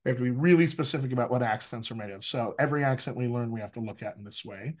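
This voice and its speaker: An American man working as a dialect coach gives actors a lively, teacherly talk over a video call, frequently checking in with "right?". His voice is mid-range and his delivery rapid-fire, as in live online coaching.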